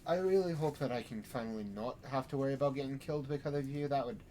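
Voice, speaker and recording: A man's voice: mid-range voice, quick pace, darkish tone, slight background noise, natural voice. A man voicing a proud, guarded male vampire sire with dry, clipped replies.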